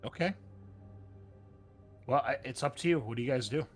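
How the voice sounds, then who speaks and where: A man narrating a tabletop role-playing game as game master, pausing often with fillers and restarts. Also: mid-range voice, faint music behind. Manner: halting, many fillers and restarts.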